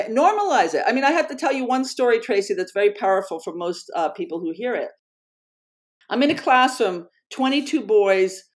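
A middle-aged woman, a researcher and author, tells a story as an interview guest in a medium-pitched voice. She's earnest and animated, often restarting her sentences.

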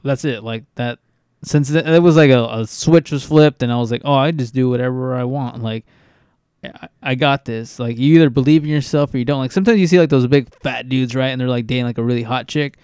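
A man's voice: medium pitch, fairly quick, a little mellow, clean tone, no echo, clean studio sound. A young man chatting casually, laid-back, saying "like" and "dude" constantly. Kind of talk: casual chat.

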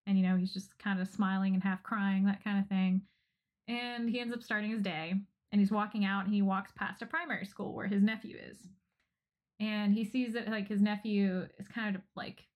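A woman co-hosting a podcast who tells a story in a casual, animated way and laughs often. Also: medium pitch, a little fast. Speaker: podcast co-host. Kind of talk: casual chat.

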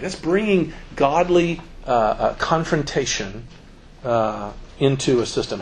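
A man's voice: medium pitch, slight background noise, poor audio. A middle-aged man giving a conversational church seminar talk, acting out quotes as he goes. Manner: conversational, animated, acts out quotes. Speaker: youth ministry speaker.

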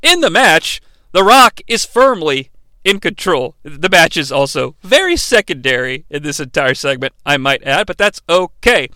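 This is a man casually recapping a show, chatty and irreverent, with the odd curse. His voice is high, bright and smooth. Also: very animated, normal speed, dry recording. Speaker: podcast host.

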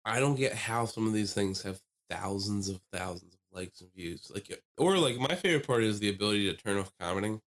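A young man in casual podcast chat, telling stories with lots of energy. He swears freely, and his voice climbs high when he acts out the people he quotes. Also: expressive, fairly quick, hardly any pauses, fairly bright tone. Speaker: podcast co-host.

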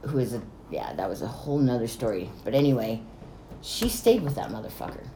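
A woman's voice: rumbling low, sing-song, a little fast. A woman telling stories in casual chat, swearing freely and laughing between lines. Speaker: storyteller. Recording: echoey room with faint noise.

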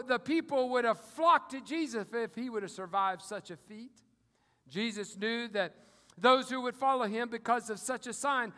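A man preaching a sermon to a congregation, swinging from quiet asides to loud, booming quotations of scripture. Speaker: pastor. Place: auditorium. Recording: long hall reverb.

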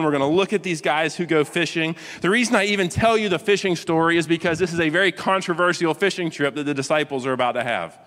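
During a sermon, a pastor in his forties tells a self-deprecating story and asks his listeners questions along the way. His voice is a little high and a bit bright, with long hall reverb.

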